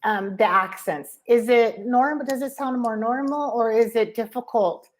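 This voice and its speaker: An American woman teaches English over a video call, her voice sitting a little high. She is encouraging, laughs often and repeats words as she explains. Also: a little slow. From USA. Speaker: English tutor. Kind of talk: casual online lesson chat.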